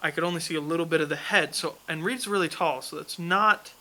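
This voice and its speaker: A man's voice: a little high, a little fast, bright, forceful tone, low-quality recording. A young man telling a funny story in a casual chat, laughing often as he goes.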